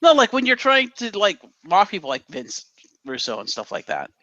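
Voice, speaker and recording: Male podcast co-host, bright tense tone and teasing, dry lo-fi recording. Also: high-pitched, normal speed, no echo. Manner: teasing, animated. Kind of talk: casual chat.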